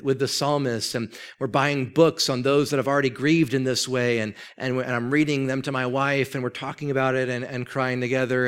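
A man in his thirties preaches in a casual, earnest sermon voice at an ordinary pitch for a man. He acts out quoted speech with sudden jumps in pitch. He turns quiet and low when telling of loss. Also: clean tone. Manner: drops soft and low when telling of grief. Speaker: pastor.

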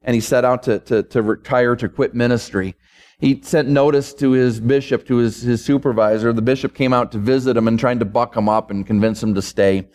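A man's voice: mid-range voice, steady tone, fairly quick, darkish tone. A male pastor delivering a sermon and prayer, building emphatic, repetitive rhetorical runs.

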